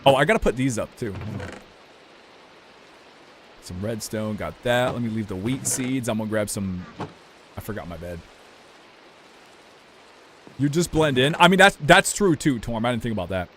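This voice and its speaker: A man's voice: medium pitch, animated, normal speed, long pauses, slight background noise. A young man from the United States, a streamer rambling casually to his chat while gaming, loose and profane.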